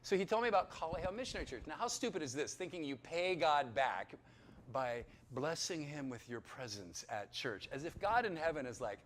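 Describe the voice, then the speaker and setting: Animated man telling his testimony. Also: on the high side, a little fast, slight background noise. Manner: animated, acts out voices in his stories. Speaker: testimony speaker. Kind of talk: personal testimony storytelling.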